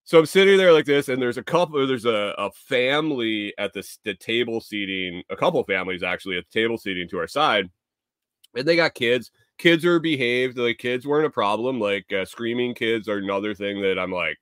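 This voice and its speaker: A man's voice: medium pitch, a little fast, a bit bright, clean tone, no room sound, studio quality. A man telling a rambling, profane story in a casual vlog, sounding exasperated. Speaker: vlogger.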